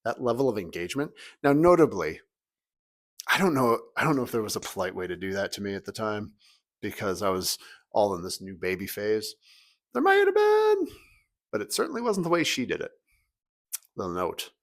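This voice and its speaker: A man in his thirties with a fairly low voice, talking to his congregation as their pastor. He chats in a relaxed, joking way and tells stories with plenty of up-and-down energy. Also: a little fast. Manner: conversational, humorous storytelling with big pitch swings. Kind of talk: weekly church video message.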